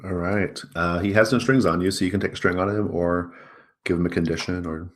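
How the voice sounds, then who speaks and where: A man with a very low voice narrates as game master. He talks in a loose, chatty way, full of fillers. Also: fairly even intonation, fairly quick.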